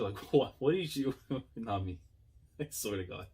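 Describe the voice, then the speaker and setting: A man giving casual, excitable reaction commentary as a YouTuber, thinking aloud with slang and frequent laughs. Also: lowish voice, measured pace, breathy edge.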